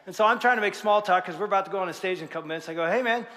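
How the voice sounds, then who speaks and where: A man's voice: high voice, rapid-fire, in a large hall. A man preaching a sermon in a large church, telling stories and joking with the congregation. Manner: lively storytelling, jokes with congregation. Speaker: pastor.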